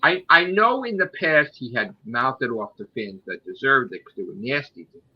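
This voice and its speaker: Husky man ranting casually. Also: mid-range voice, animated, moderate pace, lo-fi sound. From United States. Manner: ranting, swears a lot. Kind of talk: casual chat.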